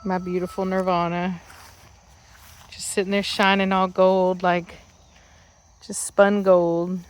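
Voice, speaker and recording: A woman's voice: on the low side, flat delivery, slow, clear, resonant tone. A woman dog breeder from Virginia, filming outdoors and chatting casually, talking to her dogs in a sing-song baby voice and laughing often.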